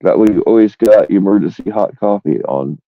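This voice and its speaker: A man with a very low, gravelly voice hosts a livestream, chatting loosely and rambling from one thing to the next, swearing freely. The recording is dull and lo-fi. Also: brisk. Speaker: livestream host. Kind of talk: casual livestream chat.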